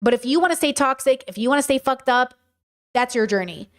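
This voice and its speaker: A woman's voice: sits high, animated, a little fast. A woman in her thirties hosting a podcast, talking bluntly and emphatically in a casual, unscripted monologue that swears freely and answers chat comments. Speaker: podcast host.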